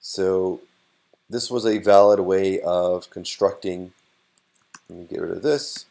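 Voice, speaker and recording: A man's voice: low-pitched, fairly even intonation, slow, vocal fry, mellow. A man teaching a programming course, explaining step by step with frequent fillers as he types. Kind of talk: screen-recorded coding tutorial.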